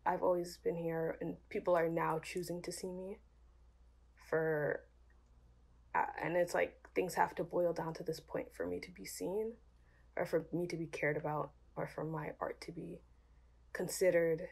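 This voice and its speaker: A woman's voice: lowish voice, level tone, a little slow, gravelly, a little mellow, husky. A woman artist speaking wearily and reflectively in a documentary interview. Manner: weary, reflective. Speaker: Black artist, student interviewee.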